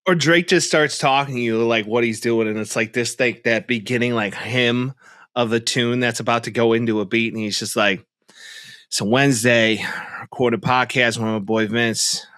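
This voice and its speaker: A man's voice: medium pitch, fairly even intonation, moderate pace, fairly bright tone, no room sound. A young man co-hosting a podcast, chatting casually about sports with teasing, joking banter. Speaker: podcast co-host.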